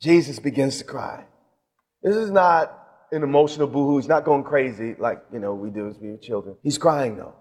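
Man preaching, with a long church reverb. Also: medium pitch. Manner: preaching with sudden shouts and drawn-out slow emphasis. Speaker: bishop. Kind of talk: sermon. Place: church sanctuary.

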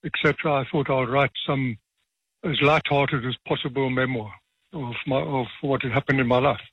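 A retired judge, telling stories with dry, self-deprecating humour in a radio interview. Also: male voice, mid-range voice, fairly even intonation, moderate pace, husky, dry recording, muffled recording. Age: 70s.

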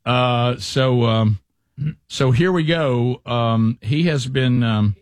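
A man's voice: mid-range voice, slow, no echo, studio quality. A man hosting a talk show, chatting casually and rambling with repeated words. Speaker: radio show host. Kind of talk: casual chat.

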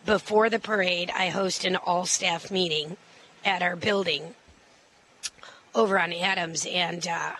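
Middle-aged woman candidate, bright tone, confident, quick, filler-heavy interview answers. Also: on the low side, fairly even intonation, poor audio. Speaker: mayoral candidate.

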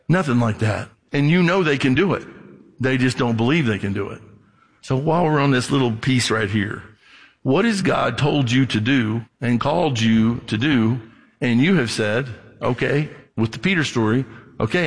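Guy preaching, kinda gravelly voice, chatty sermon style, big echoey church hall. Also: mid-range voice, moderate pace. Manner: conversational preaching, acts out Bible scenes. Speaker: pastor.

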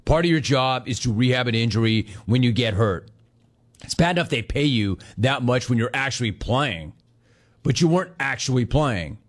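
Speaking at a normal speed in an expressive, medium-pitched voice, this sports talk host rants with heavy sarcasm. He ridicules his subjects, alternating between yelling and doing impressions of them.

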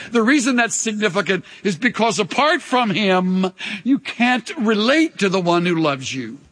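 A man's voice: sits high, very animated, normal speed, a bit bright, long reverb tail. An older man preaching a sermon in a church, impassioned and leading the congregation in call-and-response. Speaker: pastor. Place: church sanctuary.

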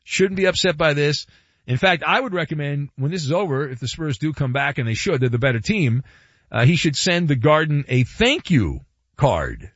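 A man's voice: a little high, lively intonation, normal speed, no echo. A man hosting a sports talk radio show, delivering a playful, wry monologue full of asides and repetition. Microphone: studio microphone. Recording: dry, slightly dull radio studio sound.

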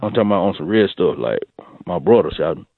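A man calling in to a radio show, rambling in a slangy, drawn-out comic rant and repeating himself. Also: deep voice, lively intonation, slightly rough, no echo. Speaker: regular comedy caller. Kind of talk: comedic call-in rant. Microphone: phone. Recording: phone line.

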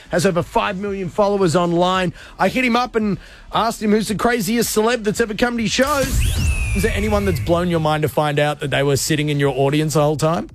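A man hosting a radio show, talking fast and jokey with casual swearing. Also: high-pitched, a little hiss or hum. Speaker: radio host. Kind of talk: energetic radio show patter. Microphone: studio microphone.

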